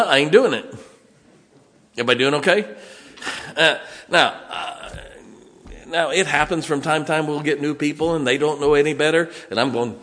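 A man's voice: a little high, moderate pace, long pauses, fairly bright tone. An older man preaching a sermon as pastor, telling folksy stories in a plain-spoken way and asking the congregation questions. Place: church sanctuary. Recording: long reverb in a church hall.

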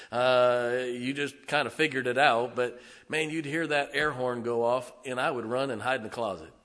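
A middle-aged man from near Lake Erie tells a childhood story in a plain, folksy way. His voice is bright and forceful. The recording carries the long reverb of a big hall. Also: mid-range voice. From northern Ohio, near Lake Erie. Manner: folksy, conversational, acts out quoted dialogue. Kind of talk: personal storytelling.

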